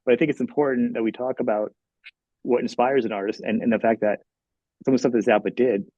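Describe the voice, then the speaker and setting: A man hosting a podcast interview, talking in a rambling, animated way with many restarts. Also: mid-range voice, fast talker, no room sound, highs cut off. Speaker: podcast host. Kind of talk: casual interview chat.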